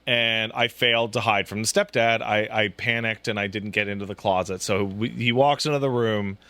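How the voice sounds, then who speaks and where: A man co-hosting a podcast, retelling a video game story in casual chat, profane and quick to laugh. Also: on the low side, dry recording. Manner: animated, profane, breaks into laughter and mock voices. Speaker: podcast co-host.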